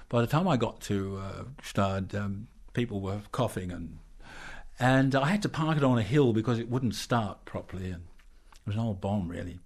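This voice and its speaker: An older Australian man, an interview guest, telling a long anecdote in a lively way and acting out the voices in it. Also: fairly low pitch. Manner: lively storyteller who acts out quoted voices. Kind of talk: anecdotal storytelling.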